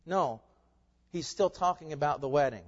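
A preacher with a high-pitched male voice delivers an impassioned sermon in a church. He fires off rhetorical questions, drops to a hush, then surges back up. The recording is dull and lo-fi, with a long hall reverb trailing each phrase. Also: lively intonation, normal speed. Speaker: pastor. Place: church sanctuary.

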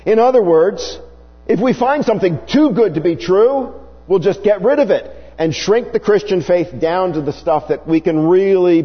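A man preaching a sermon, slow and emphatic, his voice rising and falling widely as he stresses points. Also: husky. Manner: slow, emphatic preaching with wide swings in pitch. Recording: dull, hummy recording with long reverb.

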